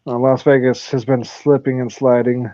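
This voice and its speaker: Dark-voiced swearing podcast host. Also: male voice, mid-range voice, level tone, moderate pace, no echo. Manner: profane, laughing, storytelling. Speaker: podcast host running weekly picks. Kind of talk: casual chat. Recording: dull lo-fi audio.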